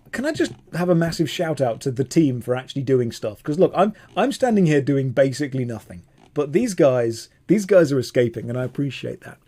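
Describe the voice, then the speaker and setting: A man streaming a game, chatting casually with viewers in an animated, self-mocking way. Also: medium pitch. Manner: animated, self-mocking, jumps between chat and gameplay. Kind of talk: casual live-stream chat while gaming.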